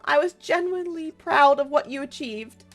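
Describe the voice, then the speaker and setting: A woman reading out a video game's dialogue for a loyal, protective young man who was once a delinquent, in her own high voice. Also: expressive, normal speed, soft background music. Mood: firm. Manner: reading game dialogue aloud.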